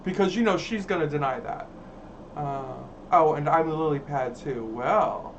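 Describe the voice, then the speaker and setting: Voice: mid-range voice, normal speed, highs cut off. A host riffs on viewer comments in a sassy, theatrical, campy way. The voice sits in a middle register. It is caught from a little distance, with a faint hum of background noise. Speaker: livestream host reading viewer chat. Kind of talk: casual livestream chat.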